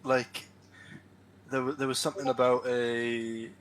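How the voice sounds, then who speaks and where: A man telling his story over an online call, halting and full of fillers and restarts. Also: medium pitch, little pitch movement, slight background noise, low-quality recording. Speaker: caller, convert recounting his experience.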